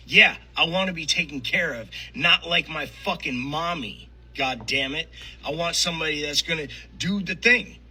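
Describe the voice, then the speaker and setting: An irritated man rants in a harsh, strained voice that is sharp and piercing. He fires off one rhetorical question after another, swearing in nearly every breath, with the pitch sitting somewhat high. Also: moderate pace, breathy edge, rough recording. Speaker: clip of a ranting man. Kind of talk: angry profane rant.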